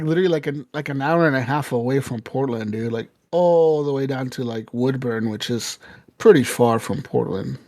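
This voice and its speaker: A man's voice: mid-range voice, fairly even intonation, normal speed, dark tone, dry recording. Guy on a podcast telling a wild story, cussing and laughing, voices the people he quotes, dry sound. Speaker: podcast co-host. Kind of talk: casual storytelling chat.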